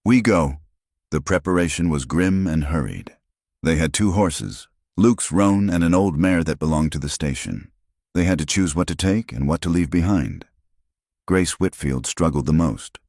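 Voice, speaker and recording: Male narrator, very low voice, measured scripted storytelling, dry. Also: lively intonation, darkish tone, no room sound.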